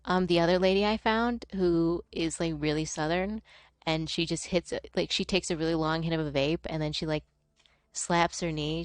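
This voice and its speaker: Laid-back profane woman streamer, low voice. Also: fairly even intonation, moderate pace, clear, resonant tone, no echo, clean studio sound. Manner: rambling, profane, laughing often. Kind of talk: casual chat while gaming.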